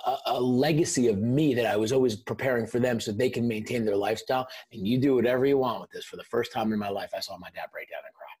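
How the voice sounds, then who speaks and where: Husky and darkish in tone, a middle-aged man's low-leaning voice carries an emotional personal story on a podcast, where he's the guest. He's blunt and intense, talking casually and cursing now and then.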